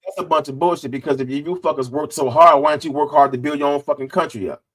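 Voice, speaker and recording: A man's voice: on the high side, fast, a bit bright. A Black man hosting a casual podcast, blunt and profane in his talk. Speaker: host.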